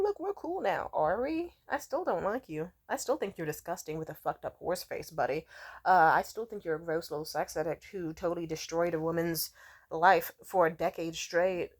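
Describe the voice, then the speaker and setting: A young woman ranting casually into her phone, blunt, profane and sarcastic. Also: on the low side. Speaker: vlogger. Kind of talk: casual rant to camera.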